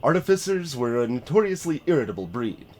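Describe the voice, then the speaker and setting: A man's voice: medium pitch, very animated, a little fast, a little mellow. A man streaming a story game, reading its narration aloud and chatting in a self-deprecating way.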